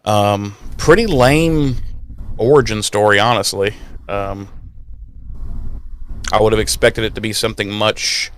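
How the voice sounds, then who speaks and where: A man's voice: lowish voice, unhurried, pauses often, a bit bright, clean tone. A man hosting a podcast, casually recapping an episode with profane, sarcastic asides. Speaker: podcast host.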